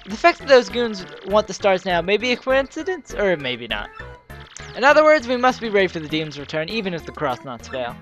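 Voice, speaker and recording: A woman voicing an earnest male scholar, reading game dialogue aloud in a steady way. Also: medium pitch, fairly quick, soft background music, close to an everyday voice. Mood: explaining. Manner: steady read-aloud delivery. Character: earnest male scholar explaining ancient lore.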